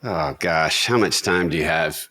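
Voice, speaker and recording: A man's voice: rumbling low, a little slow, pushed and bright. A man hosting a podcast in casual chat, telling self-deprecating stories about fatherhood. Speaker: podcast host.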